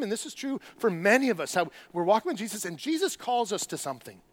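A male pastor preaches earnestly and emphatically, often repeating words to drive a point home. He has a high-pitched, fairly bright voice.

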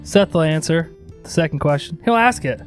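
A man's voice: fairly high pitch, animated, moderate pace, soft background music. A man hosting a casual podcast chat, teasing his friends and laughing often. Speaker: host.

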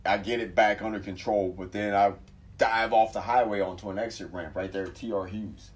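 A man telling a wild, profane story in casual chat, acting out the quotes loudly. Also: on the low side, steady tone, brisk. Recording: voice from far off the mic.

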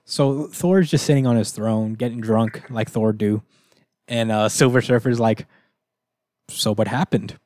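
A man's voice: mid-range voice, moderate pace, a little mellow. Man recapping a comic, laughing and swearing. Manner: laughing, profane, acts out characters in quotes. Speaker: comic book podcast co-host. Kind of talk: casual chat recapping a comic.

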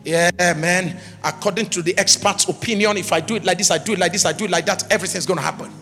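A man with a high, bright, forceful voice preaches an emphatic sermon, throwing rhetorical questions at the congregation and rising into shouts. His words ring out with a long reverb through a church hall, while faint music plays underneath. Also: very fast.

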